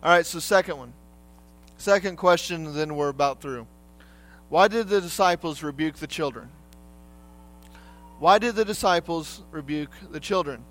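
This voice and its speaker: A man's voice: on the high side, moderate pace, long pauses, a bit bright, faint music behind. A man preaching a sermon in a conversational way, often turning to the listeners with questions.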